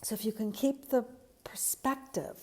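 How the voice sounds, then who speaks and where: A woman's voice: a little high, moderate pace. A woman giving an earnest, reflective spiritual talk, searching for words with frequent fillers and restarts. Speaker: spiritual teacher.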